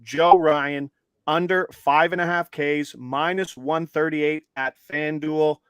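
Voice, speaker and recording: A man's voice: on the high side, takes it slowly, clean tone, dry recording. A man co-hosting a live sports betting stream, upbeat and walking viewers through each step. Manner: upbeat, steady and instructive, walks viewers through steps. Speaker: co-host.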